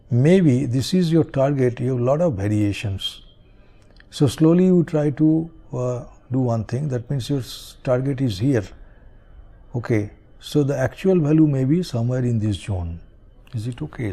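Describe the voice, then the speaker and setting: Man, university lecturer, mellow tone, halting delivery with fillers. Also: mid-range voice. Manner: hesitant, many fillers and checks like "is it okay?". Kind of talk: recorded classroom lecture.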